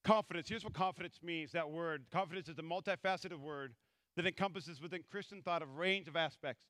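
High, bright-voiced preaching pastor. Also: male voice, brisk, no echo. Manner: animated, acts out scripture voices. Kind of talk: sermon.

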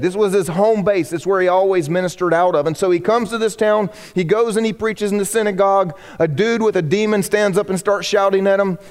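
A man's voice: sits high, a little mellow, big-room sound. A man preaching a sermon as pastor, in a conversational way that jokes with the congregation. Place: church sanctuary.

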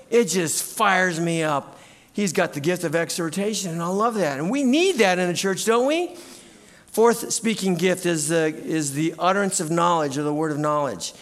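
Bright-voiced, high-pitched male pastor preaching. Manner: animated, shouts out quoted cheers. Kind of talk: sermon. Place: church sanctuary.

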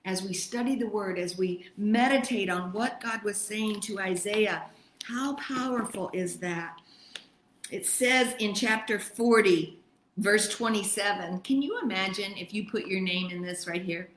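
A woman's voice: mid-range voice, unhurried, a bit bright, echoey room, slight background noise, rough recording. Emphatic woman teaching Bible study. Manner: emphatic, encouraging, addresses listeners by name.

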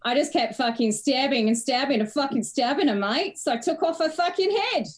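A woman's voice: high-pitched, lively intonation, fairly quick, voice pushed up. An English woman putting on an Australian accent to voice a foul-mouthed, brutal young Australian woman. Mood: gleefully brutal. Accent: Australian, put on. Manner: coarse, swearing, blunt. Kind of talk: comic podcast impression.

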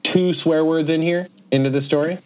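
A man's voice: fairly high pitch, fairly even intonation, moderate pace, a little mellow, clean tone. A man co-hosting a casual podcast who heckles in a mock-grumpy way. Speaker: podcast co-host. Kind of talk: casual chat.

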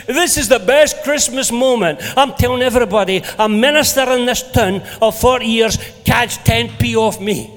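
An older Scottish man preaching a sermon as a pastor, lively and playful in his storytelling. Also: very high voice, normal speed, few pauses, faint music behind, a faint crowd. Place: church hall. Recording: long hall reverb.

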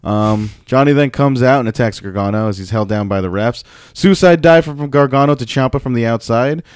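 A man's voice: medium pitch, fairly quick, clear, resonant tone, dry recording, studio quality. A man co-hosting a podcast, chatting casually and rambling with fillers and laughs. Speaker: podcast co-host. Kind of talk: casual wrestling recap chat.

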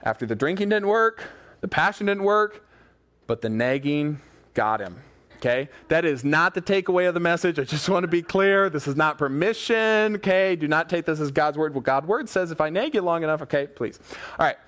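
A man preaching a sermon, retelling a Bible story with lively asides and acted-out quotes to his congregation. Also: on the high side, fairly quick. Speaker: pastor.

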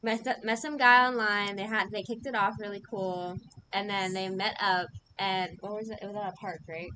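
A young woman co-hosting a casual chat, telling stories in an animated way, swearing freely and laughing often. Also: mid-range voice, moderate pace, a little hiss or hum, poor audio. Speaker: podcast co-host.

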